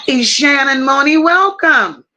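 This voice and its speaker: A woman hosting a casual livestream, slowly greeting viewers by name and reading their comments aloud. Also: high voice, expressive. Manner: warm drawn-out greetings with endearments. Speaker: livestream host.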